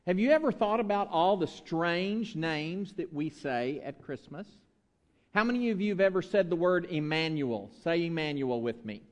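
A man's voice: on the high side, lively intonation, normal speed. A man, a pastor giving a playful children's sermon in a church, coaxing the kids to repeat words after him. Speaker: pastor leading a children's talk. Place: church sanctuary. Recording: long reverb of a large church hall.

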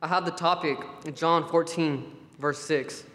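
A man's voice: a little high, steady tone, unhurried, a bit bright. Man preaching in a reverberant hall. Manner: storytelling, affectionate, conversational. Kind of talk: sermon at a church camp.

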